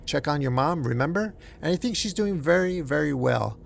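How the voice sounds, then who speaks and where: A man voicing Jack Grim, a calm sinister man who sounds smug and unbothered. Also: fairly high pitch, moderate pace, gravelly, a little hiss or hum, voice pushed up.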